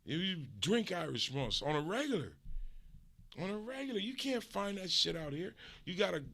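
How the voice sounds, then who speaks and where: A man from the US West Coast, a streamer host, delivering a casual, profane, animated comedic rant. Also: sits high, moderate pace, vocal fry.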